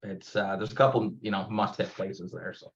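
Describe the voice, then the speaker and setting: A man's voice: fairly low pitch, flat delivery, normal speed, muffled recording. A man from Canada, a guest speaker chatting in an easygoing way with some hesitant fillers. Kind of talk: casual conversation.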